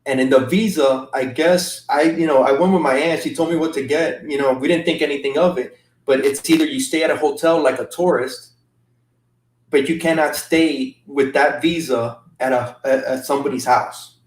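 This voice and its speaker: A man's voice: mid-range voice, steady tone. Man telling stories in a roomy space. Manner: halting, restarts often, emotional recounting. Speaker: guest. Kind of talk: casual storytelling. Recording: roomy sound from a distant mic.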